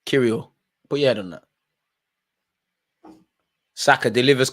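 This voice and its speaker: A young man, streaming a live football watchalong, shifting between nervous muttering and loud outbursts at the referee. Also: mid-range voice, a little slow, long pauses. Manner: animated, swings from muttering to shouting at the ref. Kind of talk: live match reaction commentary.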